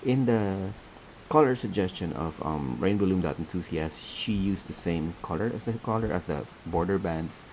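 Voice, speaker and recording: A man's voice: sits low, expressive, normal speed, hardly any pauses, darkish tone, a little hiss or hum, rough recording. A man hosting a casual step-by-step craft tutorial, chatty and laughing often as he repeats his instructions.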